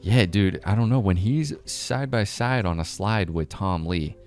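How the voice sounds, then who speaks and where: Excitable, profane male commentator, deep-voiced, faint music underneath. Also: a little slow. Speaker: crypto commentator. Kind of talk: casual monologue.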